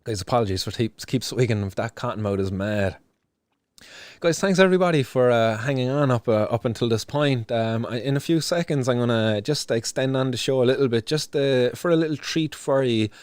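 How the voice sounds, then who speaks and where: A man's voice: medium pitch, brisk, a little mellow, clean tone, dry recording. A young Irish man hosting a casual livestream news show, ranting with lots of swearing, fillers and restarts. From Ireland. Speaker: show host.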